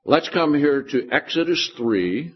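Male pastor, husky voice, patient verse-by-verse Bible teacher, dull lo-fi sermon tape. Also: fairly high pitch, expressive, unhurried. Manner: explains scripture verse by verse, often checks in with "Okay?".

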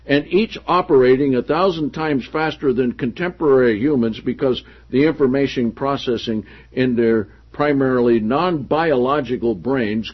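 A man preaching a sermon who reads passages from a book aloud and then comments on them in a lower voice. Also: breathy edge. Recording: dull lo-fi recording.

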